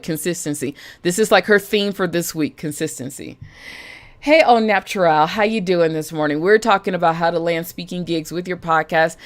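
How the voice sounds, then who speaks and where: Chatty woman hosting a live stream. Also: on the low side. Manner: chatty, animated, greets viewers by name. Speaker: live stream host, budget coach. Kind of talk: casual live stream chat.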